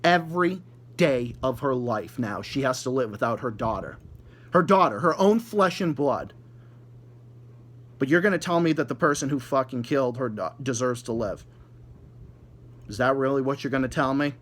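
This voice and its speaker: A man's voice: medium pitch, expressive, normal speed, long pauses, fairly bright tone. A man ranting angrily at his viewers, swearing nonstop, repeating and stumbling over words, with a mocking, sarcastic edge. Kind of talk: angry profane rant.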